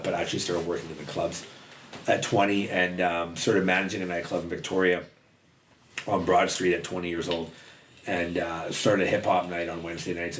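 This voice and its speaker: Deep-voiced guy, podcast guest, blunt storyteller who swears a lot. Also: a little hiss or hum. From western Canada. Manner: blunt, swears freely, many fillers. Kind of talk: casual storytelling interview.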